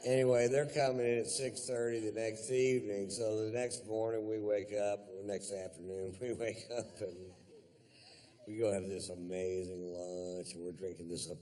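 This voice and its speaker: A male stand-up comedian with a somewhat low voice tells a long story. His delivery is laid-back and rambling, full of profanity and fillers. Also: flat delivery, moderate pace, warm tone.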